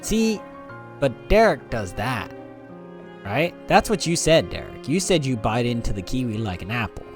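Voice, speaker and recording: A male game streamer chats with his audience in a playful, teasing way and laughs often. His pitch swings up and down as he talks. Faint music plays under his voice. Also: very animated, normal speed. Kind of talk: casual live-stream chat.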